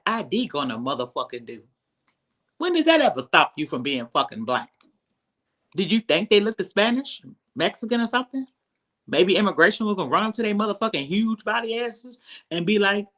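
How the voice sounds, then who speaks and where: A commentator ranting about a reality show, heated and sarcastic, dropping from low mutters to sudden high exclaims. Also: very animated, normal speed, fairly bright tone. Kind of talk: profane commentary rant.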